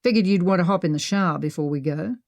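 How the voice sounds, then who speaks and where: A wry male adventurer with a dry, teasing way of talking, read by a woman narrator. The voice sits fairly low for a woman and keeps the steady pace of an audiobook reading. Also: quick pace, dry recording, lightly acted.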